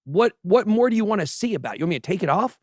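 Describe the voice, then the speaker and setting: A man's voice: high voice, sing-song, rapid-fire, a little mellow, dry recording, clean studio sound. A man hosting a crypto livestream, chatting casually and bantering boastfully with his crew and the chat. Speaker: host of a crypto news livestream.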